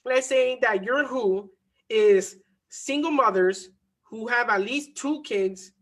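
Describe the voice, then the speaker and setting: A man teaching a motivational online coaching lesson on marketing and mindset, energetic and repeating key phrases for emphasis. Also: extremely high pitch, takes it slowly.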